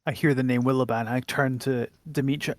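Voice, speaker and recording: A man's voice: medium pitch, fairly even intonation, brisk, no echo. A man playing a tabletop game, joking playfully as he describes his character's actions. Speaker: player. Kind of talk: casual tabletop game chat.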